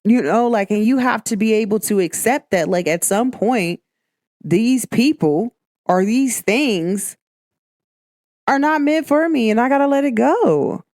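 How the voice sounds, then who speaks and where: A woman's voice: on the high side, animated, measured pace, a little mellow, no room sound, clean studio sound. A woman hosting a podcast, giving emphatic, preachy spiritual advice in a casual talk. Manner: emphatic and preachy, calls listeners "baby". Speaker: podcast host.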